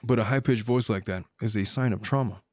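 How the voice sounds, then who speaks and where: A man's voice: on the low side, brisk, dry recording. Joking middle-aged man, dry close sound. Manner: joking, animated storyteller. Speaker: podcast host, lawyer. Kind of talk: casual podcast chat.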